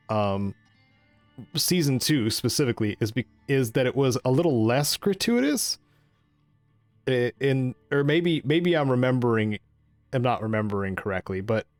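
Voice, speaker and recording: A man's voice: mid-range voice, no room sound. A man co-hosting a gaming podcast in casual chat, rambling with many ums and restarts. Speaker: podcast co-host.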